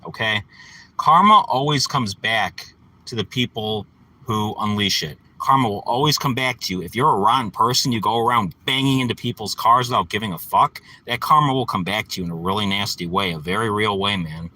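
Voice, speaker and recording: Agitated man vlogging from his car, bright tense voice, swears constantly, close phone mic. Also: fairly low pitch, a little fast, low-quality recording. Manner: profane, agitated ranting. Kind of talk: ranting vlog from his car. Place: inside a parked car.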